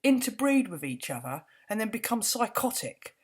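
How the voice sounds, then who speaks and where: A woman's voice: lowish voice, big pitch swings, normal speed, slightly rough. A woman vlogging an indignant, swearing rant to camera, repeating words for emphasis.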